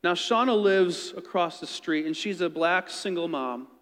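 Guy with a high voice telling a sermon story, earnest and chatty, big hall echo. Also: measured pace. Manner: earnest, conversational, quiet when quoting.

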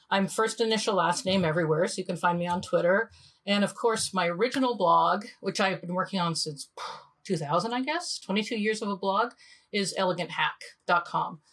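A woman in her fifties talking as a podcast guest. She is an animated storyteller who slips into the voices of her characters. Her pitch sits mid-range for a woman. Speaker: guest, design leader.

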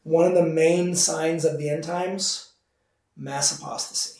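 A male pastor leads a Bible class in a chatty, informal way, with his mellow, somewhat high voice picked up from across an echoey church classroom. He keeps checking in with his listeners and fills his pauses with "um" as he goes. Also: fairly even intonation. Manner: conversational, with many fillers and asides to the class. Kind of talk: informal Bible study teaching. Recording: echoey room, mic far off.

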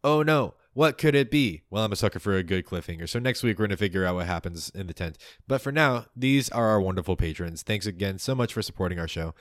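A man with a very low, deep voice narrates a tabletop adventure as game master, in a measured and playful storytelling manner. He also delivers the podcast's announcements and sign-off. The sound is dry and close, with no room to it. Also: no room sound.

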